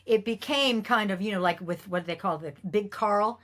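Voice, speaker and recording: A middle-aged woman recounts stories from her work with lively, animated delivery. She slips into quoted voices and breaks into laughter along the way. Her voice sits at an ordinary middle pitch for a woman. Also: moderate pace. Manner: lively storyteller, acts out quoted lines, laughs often. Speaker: guest actress. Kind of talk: animated anecdote telling.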